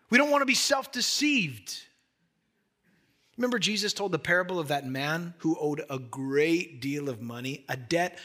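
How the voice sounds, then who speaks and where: A man's voice: on the high side, bright, forceful tone, slightly rough. A man pastor delivering a sermon in an emphatic, conversational way, addressing the listeners with direct questions.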